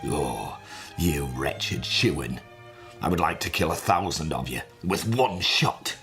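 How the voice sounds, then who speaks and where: A man voicing a loud, gruff male army sergeant who barks at his men. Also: rumbling low, lively intonation, slow pace, faint music behind, full character voice. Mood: raging.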